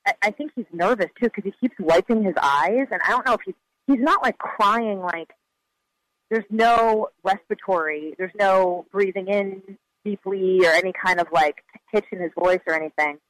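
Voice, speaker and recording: A man's voice: sits high, normal speed, a bit bright, no echo, poor audio. A male reporter and co-host in casual conversation, thinking aloud with lots of fillers and restarts.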